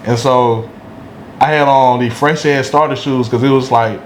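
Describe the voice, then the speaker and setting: A man's voice: mid-range voice, steady tone, moderate pace. A man, a podcast guest telling a story from his school days in a loose, slangy way that is full of "you know what I'm saying". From Durham, North Carolina. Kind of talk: casual storytelling. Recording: echoey room, faint background hum.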